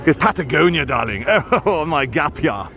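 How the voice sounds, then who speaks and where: A man's voice: a little high, big pitch swings, moderate pace, pushed and bright, exaggerated voice. A man voicing a smug, posh young man who brags about his gap year, with a drawling manner, recorded over street noise.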